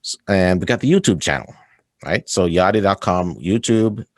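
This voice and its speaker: A man's voice: sits low, animated, moderate pace, no room sound, clean studio sound. A man speaking as a guest on an interview podcast, enthusiastic, laughing often and tagging his points with "right?". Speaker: guest, sales coach. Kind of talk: casual interview chat.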